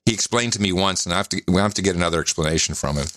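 Animated man hosting a casual chat. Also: very fast. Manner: animated, laughs often, jumps to high excited pitch. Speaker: podcast host.

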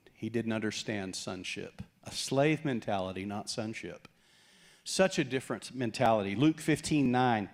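A middle-aged man preaches a sermon from the pulpit, at a middle pitch. He tells stories with a light, joking touch and acts out the voices of the people in them. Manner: animated storytelling, acts out quoted voices with humor. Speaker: pastor.

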